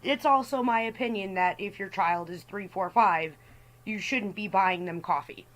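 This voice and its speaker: A woman's voice: mid-range voice, normal speed, poor audio. A woman hosting a storytime rant as a voice-over, talking in an exasperated way and mimicking the people in her stories. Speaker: storytime host.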